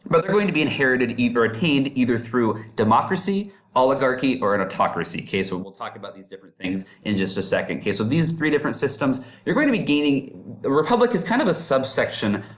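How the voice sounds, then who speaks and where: Chill upbeat guy teaching a class, medium pitch, keeps saying okay?. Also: animated, quick pace, few pauses. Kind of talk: classroom lecture.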